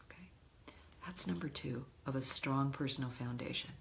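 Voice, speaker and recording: A woman love coach teaching a session, calm and direct, with emphatic examples. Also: a bass voice, normal speed, creaky.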